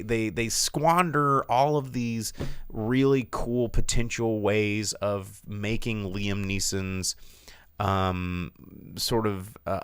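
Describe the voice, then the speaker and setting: A man's voice: lowish voice, a bit bright, smooth, dry recording, clean studio sound. A man hosting a podcast, reviewing a film in casual chat, rambling and sarcastic with lots of fillers and restarts.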